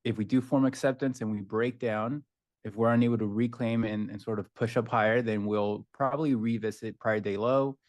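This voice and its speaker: A man trading live on a stream, explaining his trade plan and chart levels in a steady, explanatory way. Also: lowish voice, brisk. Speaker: trader, guest. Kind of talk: live market analysis.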